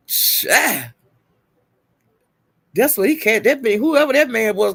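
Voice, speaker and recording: A man's voice: very high-pitched, expressive, slow pace, gravelly, long pauses, fairly bright tone, dry recording. A man livestreaming, telling gossip in a casual chatty way, laughing often and calling out "child" and "honey".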